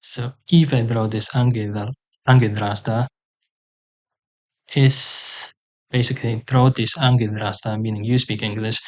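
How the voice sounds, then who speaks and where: With a lowish voice, a man runs a language lesson, sounding out example words slowly and carefully. He pauses often and uses fillers.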